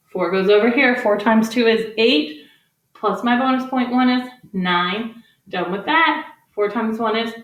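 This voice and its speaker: A middle-aged woman teacher giving a playful, upbeat math lesson to children from her home garage, filmed at a whiteboard. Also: on the high side. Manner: upbeat, playful, talks to kids. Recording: echoey garage.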